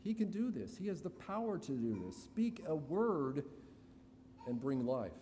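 A man preaching an expository sermon to his congregation, slow and deliberate with dramatic pauses. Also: on the high side, big pitch swings, mellow. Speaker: pastor. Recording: reverberant hall, faint room noise.

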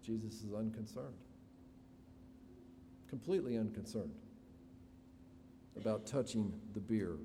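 A man preaching an expository sermon to his congregation, slow and deliberate with dramatic pauses. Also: on the low side, dark tone. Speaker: pastor. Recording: reverberant hall, faint room noise.

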